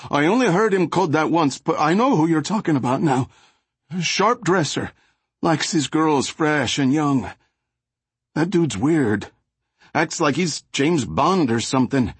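A man voicing a panicky young male gang member who pleads and babbles in a high, strained voice. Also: expressive, slightly rough, no echo. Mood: nervous. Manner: pleading, fast and high-pitched.

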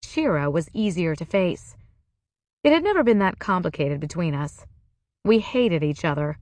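A woman narrating a first-person novel in a measured, wry way. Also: lowish voice, very animated, a little mellow, no room sound. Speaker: audiobook narrator.

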